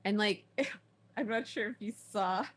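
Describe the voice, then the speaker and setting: A woman's voice: mid-range voice, unhurried, fairly bright tone. A woman streaming a game from home, chatty and laughing often, her throat sore from smoke allergies. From Canada. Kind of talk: casual let's play chat.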